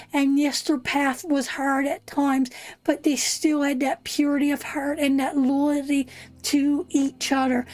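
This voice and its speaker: A Canadian woman hosts a live stream tarot reading, speaking to her viewers directly with heartfelt emotion. Her voice is high-pitched with a darkish tone.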